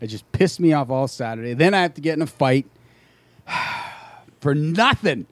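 A man's voice: a little high, expressive, normal speed, no room sound. A man telling a frustrated story in casual chat, swearing freely and acting out the quoted voices of the people involved.

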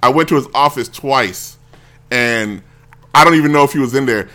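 A man's voice: mid-range voice, normal speed, pushed and bright, soft background music. A man hosting a talk show, telling a rambling story casually and acting out the people he quotes. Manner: rambling, self-interrupting, acts out quoted voices. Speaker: show host.

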